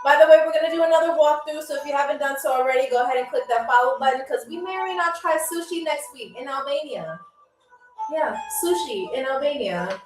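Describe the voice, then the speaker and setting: A high-voiced woman runs a live trivia game, chatty and upbeat, chatting with viewers as she reads their answers. The sound is roomy and a little distant from the mic, with soft music underneath. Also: fast talker. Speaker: game show host. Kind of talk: livestream trivia hosting. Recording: roomy echo, heard from a distance.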